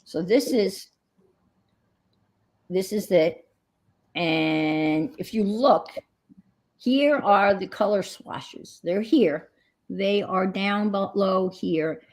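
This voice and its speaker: Woman, crafting stream host, casual rambling chat, mid-pitched voice. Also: extremely slow, pauses often. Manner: chatty, rambling. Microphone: computer mic on a livestream.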